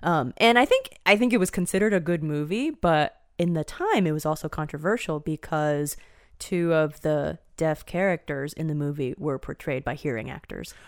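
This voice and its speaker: A woman co-hosting a casual chat, telling stories with excitable energy. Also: deep voice, moderate pace, no room sound, clean studio sound. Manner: excitable, lively storyteller.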